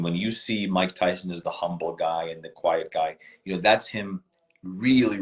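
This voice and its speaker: A man with a fairly low voice, guesting on an interview and telling stories with lively, emphatic energy. He talks casually and leans hard into his points. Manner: animated, emphatic storyteller.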